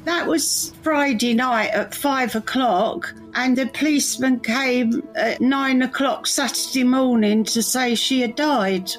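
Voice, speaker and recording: Older woman recalling slowly. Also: high voice, soft background music, poor audio. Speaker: eyewitness. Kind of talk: interview recollection.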